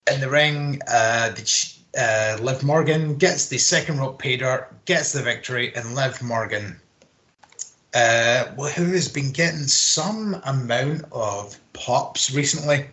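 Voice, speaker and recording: In a casual wrestling recap, a relaxed podcast co-host walks through the match move by move. His medium-pitched voice is bright and forward, and he wanders off topic, curses offhandedly and pads pauses with ums and uhs.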